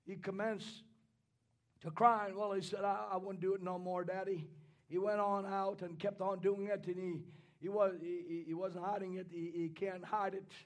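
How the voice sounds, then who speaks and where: High-voiced preacher who bursts into shouting. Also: male voice, level tone. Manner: impassioned, rising into shouts, halting repetitions. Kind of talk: sermon.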